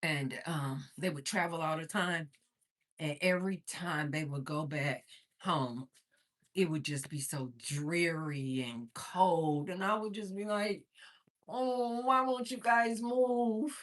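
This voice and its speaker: A low-voiced woman from Missouri, USA, takes things slowly as she hosts a casual livestream. She chats, reads comments from viewers aloud and laughs often, somewhat breathless from moving around.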